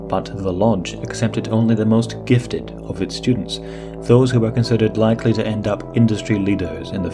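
Low-voiced male storyteller, steady delivery, with a clear music bed underneath. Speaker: narrator. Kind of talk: storybook narration.

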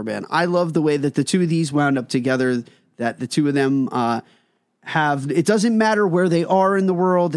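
Man, high-pitched, enthusiastic, casual podcast chat, dry recording. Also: no echo. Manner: enthusiastic, laughs often. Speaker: podcast co-host.

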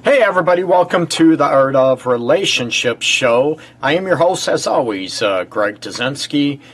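A man hosting a live-streamed relationship advice show, hoarse and stuffy from a cold, chatting loosely with lots of fillers and greeting viewers. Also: mid-range voice, expressive, normal speed. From Michigan. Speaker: relationship counselor and show host.

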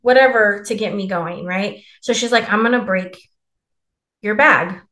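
A woman's voice: mid-range voice, measured pace, bright, forceful tone, reverberant. A young woman co-hosting a podcast, telling a personal story in a candid, profane, laughing way. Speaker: podcast co-host. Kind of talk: casual storytelling chat.

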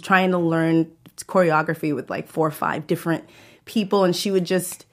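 A woman's voice: deep voice, steady tone, normal speed. A woman being interviewed about her acting, chatting and often laughing. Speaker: actress and guest. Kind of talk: casual interview.

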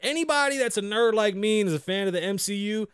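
On his casual solo podcast, an American man in his thirties rants and jokes in a loose, profane manner with big swings. His high voice is fast, a bit bright, clear and resonant, with studio-quality sound and no room noise.

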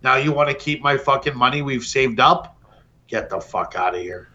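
A man's voice: mid-range voice, animated, moderate pace, pushed and bright, highs cut off. Brash, profane man ranting. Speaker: podcast host. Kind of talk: comedic profane roast rant.

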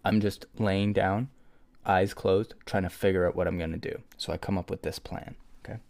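A man with a very low, gravelly voice chatting casually. He talks in quick, animated bursts and laughs often as he spins a playful story. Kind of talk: casual chat, storytelling a hypothetical.

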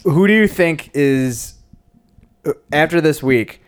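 A man's voice: fairly high pitch, slow pace, smooth. Jokey male podcast co-host. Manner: jokey, interjecting, teasing. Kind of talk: casual chat.

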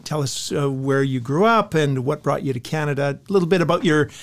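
A man hosts a church podcast, his voice sitting a little high. He talks earnestly with frequent uhs, recorded close and dry. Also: brisk, no echo. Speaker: podcast host and church ministry director. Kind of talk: podcast interview.

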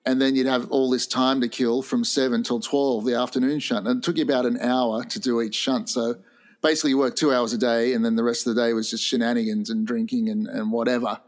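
Middle-aged Australian male co-host, relaxed and rambling, ordinary mid-range voice. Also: mid-range voice, a little fast. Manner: laid-back, rambling reminiscence. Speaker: podcast co-host. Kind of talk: casual chat.

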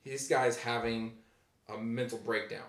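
A man's voice: medium pitch, steady tone, a little slow, echoey room, recorded from a distance. A man telling a story in a casual podcast chat, rambling along and acting out the quotes. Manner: rambling retelling with acted-out quotes.

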